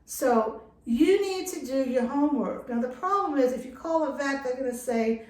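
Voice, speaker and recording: A woman's voice: high-pitched, expressive, normal speed, a little mellow, reverberant. A middle-aged woman talking to camera in an earnest, impassioned way, leaning hard on key words. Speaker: dog care vlogger. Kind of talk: casual talk to camera. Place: lake house, indoors.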